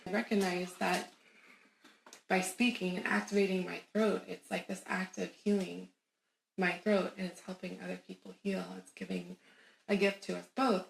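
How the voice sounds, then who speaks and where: A woman guest on an interview show, telling a personal story in an animated, emphatic way and laughing often. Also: on the low side, normal speed, gravelly, a little hiss or hum. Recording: roomy echo.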